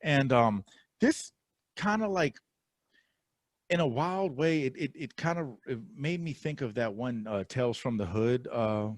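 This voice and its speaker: A man's voice: mid-range voice, measured pace, no echo. A man in an easygoing podcast chat, his voice sitting in the middle of the male range. He rambles through trailer news with plenty of "you know" and false starts. The recording is dry and close, with no room sound. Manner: relaxed, rambling with many fillers and restarts. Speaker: podcast co-host presenting film trailers. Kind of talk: casual chat.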